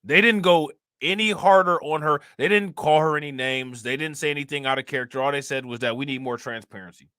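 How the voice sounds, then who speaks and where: A man's voice: fairly high pitch, a little fast, few pauses, pushed and bright, clean tone, dry recording, studio quality. A man hosting a commentary channel, talking to his viewers in an emphatic, heated way, full of rhetorical questions. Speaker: reaction channel host.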